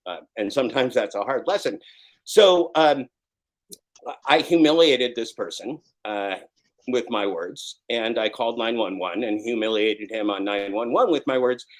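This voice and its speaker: A man in his fifties, a guest in a live online interview, talking intensely and swearing, at times rising to a shout. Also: mid-range voice, normal speed, rough recording. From Oregon. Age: 50s.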